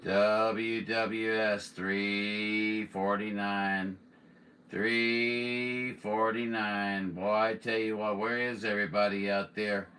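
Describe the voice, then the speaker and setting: A man working as an amateur radio operator, calling for contacts and drawing out his call signs slowly. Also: lowish voice, level tone, bright, forceful tone. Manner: slow, drawn-out call signs. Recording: voice a bit far from the mic, faint hiss.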